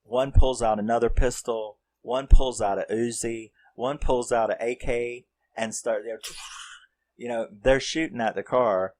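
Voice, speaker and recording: A man's voice: medium pitch, fairly even intonation, a little slow, darkish tone. A man casually retelling a horror comedy's plot, rambling and swearing as he acts out the characters' lines. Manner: rambling, profane, acts out quotes. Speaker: movie reviewer.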